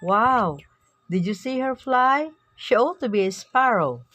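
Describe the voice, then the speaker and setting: High squeaky baby bear cub, a lady putting it on, all wide-eyed and excited, slow and careful. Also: faint music behind.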